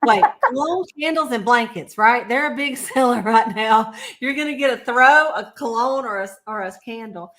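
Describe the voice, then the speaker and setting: Chatty, higher-voiced woman, casual sales talk over a video call. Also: normal speed, hardly any pauses, fairly bright tone. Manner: chatty, storytelling, laughs often. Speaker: sales consultant. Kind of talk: casual livestream chat.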